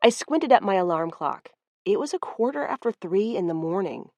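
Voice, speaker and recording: A woman reads a first-person story aloud in a calm, even, lightly amused way, her voice at a middling pitch. The recording is close and dry, with no room sound around it. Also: normal speed, dry recording, lo-fi sound. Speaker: audiobook narrator. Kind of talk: first-person audiobook narration.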